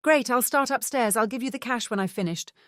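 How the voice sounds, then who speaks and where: A woman voicing a cheerful young woman who poses as a saleswoman, in a strong Essex accent and with bright sales patter. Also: fairly high pitch, a little fast, dry recording, studio quality, voice pushed up, close to an everyday voice. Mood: chirpy, salesy.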